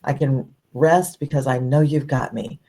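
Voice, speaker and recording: A woman's voice: a bass voice, fairly even intonation, moderate pace, dark tone. A woman co-hosting a faith podcast, speaking thoughtfully in a musing, casual way. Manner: thoughtful, musing, many fillers. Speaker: podcast co-host.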